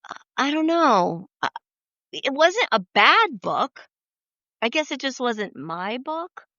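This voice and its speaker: A woman's voice: sits high, very animated, takes it slowly, pushed and bright, no echo, highs cut off. A woman co-hosting a casual book podcast, blunt and swearing, often restarting her sentences. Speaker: podcast co-host. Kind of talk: casual chat.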